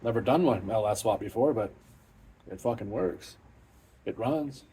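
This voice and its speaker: A middle-aged man speaks a little slowly in a lowish, mellow voice, with a bit of background noise. Hosting a car channel, he records a casual, unplanned vlog in his home garage, swearing freely and keeping things blunt, matter-of-fact and self-deprecating.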